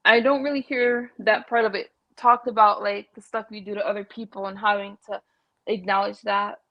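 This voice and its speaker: A woman caller sharing her feelings in a halting way, with many likes and restarts. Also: medium pitch, fairly even intonation, dry recording, highs cut off. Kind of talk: casual, emotional sharing.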